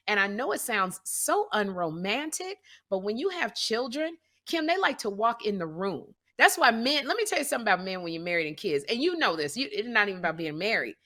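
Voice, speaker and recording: A middle-aged woman co-hosting a comedy podcast, telling stories and acting out quotes loudly in casual chat. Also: mid-range voice, brisk, few pauses. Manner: animated storyteller, acts out quotes loudly. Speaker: podcast co-host.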